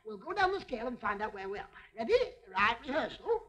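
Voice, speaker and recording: A woman's voice: on the high side, sing-song, a little fast, sharp tone. A woman entertainer performing a comic stage routine, chatting to a teddy bear and fussing over it, coaxing and laughing as she goes.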